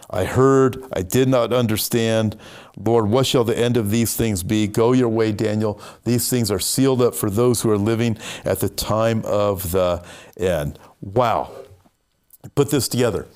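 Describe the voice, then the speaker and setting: A man preaching a sermon, emphatic, lifting his voice on quoted lines and slowing down to stress key words. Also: a little mellow. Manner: emphatic, rises in pitch for scripture quotes, slows to stress words. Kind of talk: sermon on prophecy.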